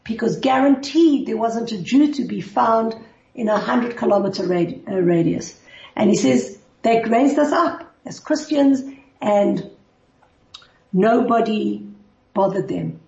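A woman teaching a Bible class, telling a story in an animated way and acting out the characters' lines. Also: fairly high pitch, unhurried. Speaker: Torah teacher. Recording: roomy, distant, dull recording.

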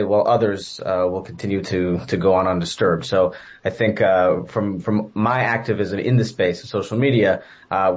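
A man speaking as an educator and interview guest, answering in measured, structured points with frequent uh and um. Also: low-pitched. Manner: measured, many fillers.

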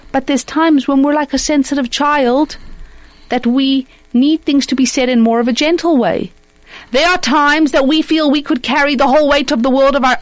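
A woman discussing marriage through religious teaching, expressive and acting out imagined voices. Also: high voice, no echo, low-quality recording.

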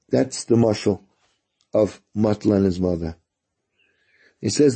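A male radio host telling a moral story in a Torah talk, halting and repeating words as he goes. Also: fairly low pitch, dark tone, breathy edge.

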